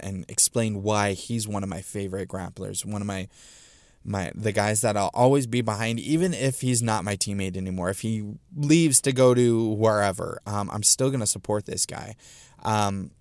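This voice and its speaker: A man's voice: fairly low pitch, clear, resonant tone, no room sound, clean studio sound. A middle-aged man hosting a casual solo podcast, rambling with many ums and restarts, fighting hiccups and a scratchy throat. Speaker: podcast host.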